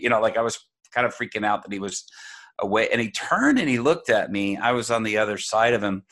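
A man with a fairly low voice tells a long personal story to an interviewer. He talks loosely and conversationally, circling back with restarts and fillers as he goes. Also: brisk, fairly bright tone. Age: adult. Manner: rambling, many fillers and restarts. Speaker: guest sharing a personal faith story.

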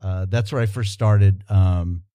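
A man's voice: deep voice, steady tone, unhurried, mellow, clear, resonant tone. A man who works as a cultural consultant and consulting producer, talking in a casual podcast interview and telling long stories with frequent restarts and fillers. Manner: rambling storyteller with frequent restarts.

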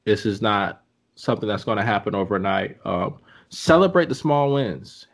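A man hosting a casual podcast, giving reflective advice in a halting way with many ums. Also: fairly low pitch, expressive, creaky. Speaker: podcast host.

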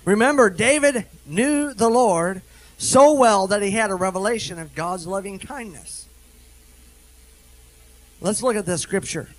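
A middle-aged man preaching a sermon as a minister, animated, darting through quick asides and slowing down to read scripture with heavy emphasis. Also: sits high, poor audio.

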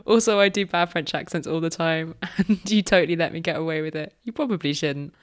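A woman's voice: sits low, brisk, no echo, clean studio sound. A woman co-hosting a podcast, chatting casually in a bubbly way, often laughing and saying "like". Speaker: podcast co-host. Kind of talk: casual chat.

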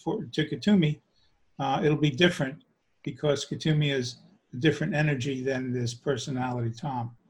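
A man explaining his trance channeling in a soft, hesitant, casual way. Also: mid-range voice, moderate pace. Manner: soft-spoken, hesitant, lots of ums. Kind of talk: casual chat.

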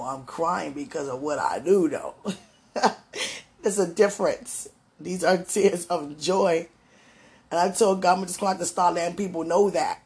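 Woman spiritual vlogger, gravelly and a bit hoarse, fervent, affectionate, self-recorded at home. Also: fairly low pitch, a little mellow. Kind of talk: spontaneous prayer and encouragement talk.

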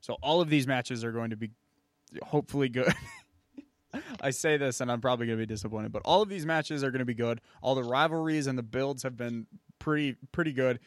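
A man's voice: mid-range voice, a little fast, dry recording. A man with a mid-range voice talks in casual, upbeat podcast chat. The recording is dry and close, with no room sound. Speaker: podcast co-host.

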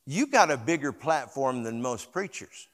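A male pastor preaching a sermon and telling a story, moving between hushed retelling and loud, emphatic exhortation, and calling on the congregation to repeat words after him. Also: medium pitch, lively intonation, normal speed, long reverb tail.

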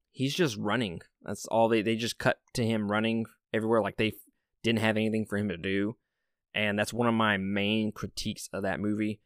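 A man's voice: lowish voice, a bit bright, clean tone, no room sound, clean studio sound. A young man from the American South with a Southern accent, casually counting down his favorite movies in an enthusiastic, opinionated way. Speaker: movie reviewer.

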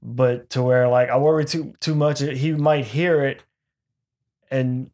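A man, talking as a guest on a comedy podcast. He speaks in a halting, rambling way, stopping and restarting his thoughts. His pitch sits mid-range. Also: steady tone, darkish tone. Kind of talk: casual podcast chat.

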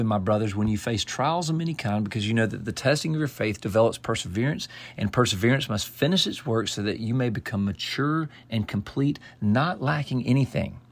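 A man giving devotional Bible teaching, earnest and emphatic, quoting scripture and often restarting phrases. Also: lowish voice. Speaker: pastor.

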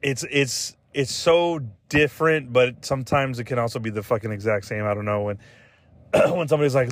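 A man's voice: medium pitch, steady tone, fairly quick, no echo. A man hosting a podcast in a casual, rambling chat, swearing freely, leaning on "like" and "dude" and laughing at his own jokes. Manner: loose and profane, heavy on "like" and "dude", trailing restarts. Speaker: podcast host.

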